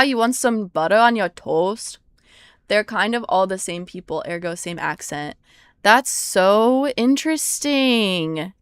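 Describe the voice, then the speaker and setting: Slow-talking young woman chatting on stream. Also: mid-range voice, fairly bright tone, smooth, no room sound, studio quality. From United States. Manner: rambling and easily surprised, swears when startled. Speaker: livestreamer. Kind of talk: casual live-stream chat.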